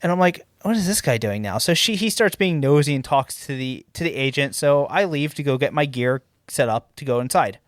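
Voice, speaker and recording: A young man co-hosting a podcast, telling a story in casual chat, animated and swearing as he acts out quotes. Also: fairly high pitch, a little fast, hardly any pauses, no room sound, studio quality. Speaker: podcast co-host.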